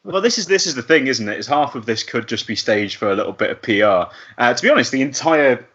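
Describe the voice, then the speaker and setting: A man in a podcast chat speaks with a bright, forceful tone and lots of pitch movement. He throws in asides and hedges as he talks. The sound is a bit dull and lo-fi. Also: quick pace, slightly rough. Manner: lively, laughs often, hedging asides. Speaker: podcast co-host. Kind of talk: casual chat.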